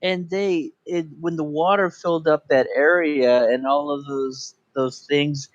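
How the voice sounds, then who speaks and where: A man's voice: fairly high pitch, steady tone, measured pace, no echo. A man co-hosting a casual movie review podcast, talking with enthusiasm and acting out lines in funny voices. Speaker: podcast co-host. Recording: dry dull lo-fi sound.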